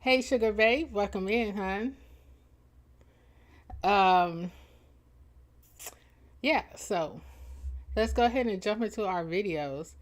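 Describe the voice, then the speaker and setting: A woman's voice: medium pitch, takes it slowly, long pauses. A woman hosting a casual livestream, greeting viewers by name with playful, teasing banter and frequent laughter. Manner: laughs often between lines. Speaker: livestream host and chat moderator.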